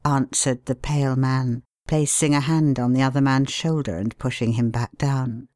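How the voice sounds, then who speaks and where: A woman narrating a story in a calm, measured way. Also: a bass voice, no room sound, studio quality.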